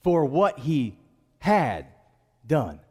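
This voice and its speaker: A man's voice: fairly high pitch, very animated, extremely slow, mellow, breathy edge, big-room sound. A man preaching a sermon in church, calling on the congregation to respond. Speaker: pastor.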